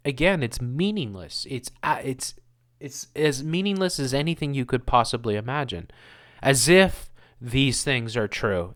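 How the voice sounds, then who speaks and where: A man's voice: mid-range voice, expressive, a little slow, fairly bright tone. A man hosting his own channel, reading news items and ranting over them in a sarcastic, rambling way, laughing often. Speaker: host.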